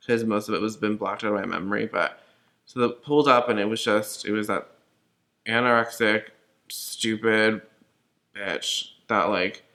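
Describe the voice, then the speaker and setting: A man's voice: on the low side, pushed and bright. A young man from California, shaken and upset, telling a personal story in a casual, profane, rambling way full of fillers. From Los Angeles.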